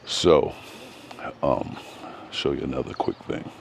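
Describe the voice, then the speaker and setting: A man's voice: very deep voice, slow, creaky, background noise. A man giving a casual vlog walk-through of his home garden outdoors, talking in a hesitant, rambling way with frequent ums. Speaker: gardening vlogger.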